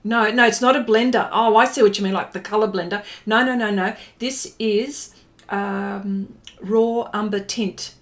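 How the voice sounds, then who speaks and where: A woman hosting a live art stream, answering viewer questions in a halting, emotional way and laughing between words. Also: medium pitch, steady tone. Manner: slow, halting and emotional, trying not to cry, laughing. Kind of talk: chatty live stream while painting, reading viewer questions.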